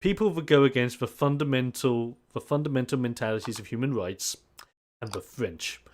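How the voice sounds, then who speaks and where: Casual male co-host, middling pitch, joking and self-deprecating. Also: fairly quick, a little mellow, slight background noise. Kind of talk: casual chat on a livestream.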